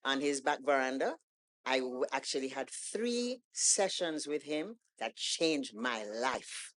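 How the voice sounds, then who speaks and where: A woman guest on a podcast, telling a story in a casual, animated way and acting out the lines of the people in it. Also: extremely low pitch, takes it slowly. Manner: animated storytelling, acts out quoted dialogue. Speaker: guest poet.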